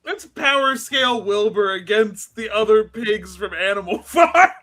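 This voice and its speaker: Very high-pitched, bright man. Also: expressive, unhurried. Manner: teasing, laughing, repeats a gag line. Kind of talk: casual comics chat.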